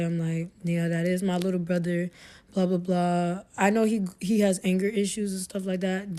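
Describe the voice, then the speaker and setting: A woman's voice: on the low side, mellow. Young woman rambling into her phone. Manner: rambling and slangy, addresses viewers directly. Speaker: TikTok storyteller. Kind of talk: casual storytime rant.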